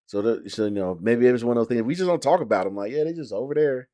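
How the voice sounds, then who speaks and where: A man's voice: medium pitch, fast, mellow, dry recording. Casual male reviewer, loose and rambling, many ums and restarts, dry close sound. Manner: rambling, with frequent fillers and restarts. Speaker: show reviewer. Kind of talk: casual reaction talk.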